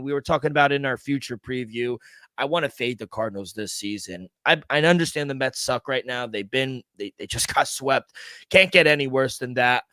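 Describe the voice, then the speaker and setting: A man's voice: mid-range voice, bright, forceful tone, clear, resonant tone, dry recording. A man co-hosting a sports betting podcast, talking casually with frequent swearing and exasperated rants about his team.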